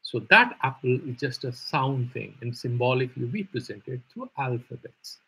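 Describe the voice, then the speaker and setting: A man's voice: medium pitch, lively intonation, normal speed, bright, forceful tone, a little hiss or hum, rough recording. A man teaching a live online Vedanta philosophy class, explaining patiently with rhetorical questions and repeated terms.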